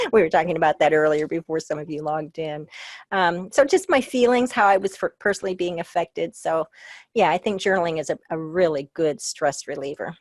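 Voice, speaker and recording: A woman's voice: low-pitched, no echo. A middle-aged woman from Iowa presenting a webinar for librarians. She talks in a conversational, personal way, with frequent "um" and touches of humor. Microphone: video call.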